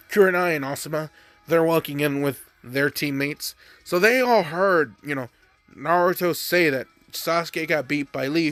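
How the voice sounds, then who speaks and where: A man casually retelling a fan story with slang and swearing, tossing in quick lines for the characters. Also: on the high side, a bit bright.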